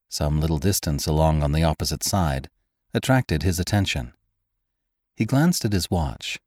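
A man narrating a classic story in an expressive, measured audiobook style. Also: sits low, no echo, clean studio sound.

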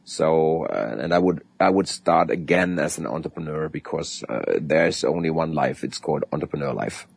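A man with a German accent answering as a guest in an interview, animated and full of restarts. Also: extremely low pitch, normal speed, creaky, few pauses, husky. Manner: animated, acts out sales calls, frequent restarts. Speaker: guest sales expert.

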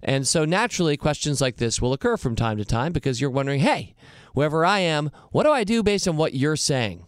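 A man's voice: on the high side, expressive, fairly quick, clean tone, dry recording, clean studio sound. A man hosting an investing podcast, answering listener mail in an upbeat, earnest way. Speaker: podcast host.

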